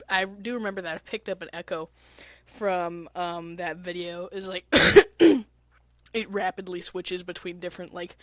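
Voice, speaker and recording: A woman's lowish voice, free of echo, comes from a basement apartment where she streams casual talk. Her throat is congested and full of mucus, and she rambles crudely with frequent swearing and filler words.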